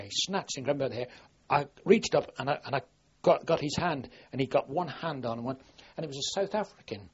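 A man's voice: medium pitch, slightly rough. An older man from southwest England, a war veteran, recalling his experiences in a rambling, plain-spoken way full of restarts. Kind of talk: oral history recollection. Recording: dull lo-fi archive recording.

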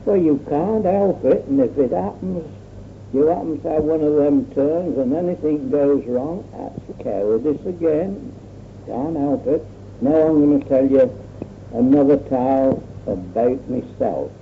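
A man's voice: on the high side, measured pace. An older man telling his own war memories in a rambling, plainspoken way. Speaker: war veteran. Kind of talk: oral history recollection. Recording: tinny lo-fi old recording with faint hiss.

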